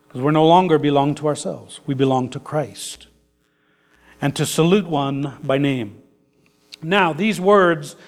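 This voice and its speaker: A man preaching a sermon in an easygoing, conversational way, with folksy turns of phrase. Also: fairly high pitch. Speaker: pastor. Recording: long hall reverb.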